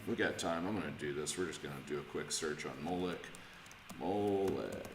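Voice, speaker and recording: Male Bible study leader, lowish voice, chatty and halting, recorded in a roomy church hall. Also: a little hiss or hum. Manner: conversational, hesitant, many restarts and questions to the group. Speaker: pastor leading Bible study. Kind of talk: informal Bible study teaching. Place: church room. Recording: echoey church room, faint ambience.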